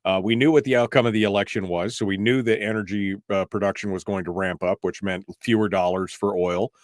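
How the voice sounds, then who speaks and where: Exasperated radio host, dry sound. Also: male voice, on the low side, steady tone, brisk, no echo. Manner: exasperated, emphatic rhetorical questions. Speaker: radio talk show host. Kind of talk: political talk radio.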